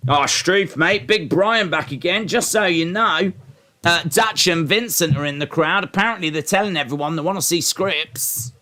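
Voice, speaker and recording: A man's voice: a little high, normal speed, bright, forceful tone, pitched above the performer's own voice. A man voicing a brash wrestling-news bloke with a put-on Australian accent, delivering breezy news flashes. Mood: chirpy.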